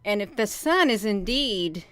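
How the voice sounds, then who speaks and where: A woman talks straight to her viewers in a casual vlog. She sounds excited and a little out of breath, and she repeats herself often. Her smooth, clear voice sits at a middle pitch in a dry, close recording. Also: a little slow, no room sound. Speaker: video channel host.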